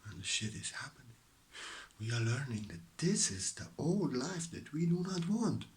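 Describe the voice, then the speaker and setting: A man giving a slow, meditative spiritual talk at home, drifting between soft whispers and a fuller voice, with a mixed accent from living all around the world. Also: a little high, big pitch swings. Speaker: spiritual teacher. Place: at home beside his stove.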